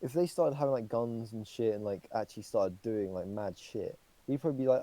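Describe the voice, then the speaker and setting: A man's voice: lowish voice, a little fast, hardly any pauses, warm tone, rough recording. A young man co-hosting a podcast, rambling through casual chat with lots of fillers and swearing. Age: young adult. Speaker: podcast co-host.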